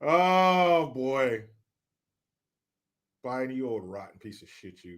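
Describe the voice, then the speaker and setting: A man's voice: mid-range voice, very animated, slow, pauses often. A man reading viewer comments on a live stream, joking, swearing and mock-outraged.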